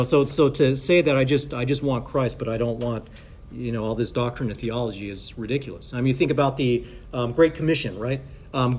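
A man's voice: medium pitch, a little mellow, slight background noise. A man delivers a sermon with a mid-range voice, talking in a loose, conversational way full of fillers and restarts. He builds to emphatic points as he teaches. A faint ambience hangs behind him. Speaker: pastor or Bible teacher.

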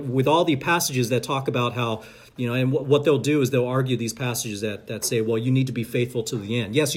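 A man leading a Bible study, reading scripture aloud and explaining it with frequent fillers and restarts. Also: medium pitch.

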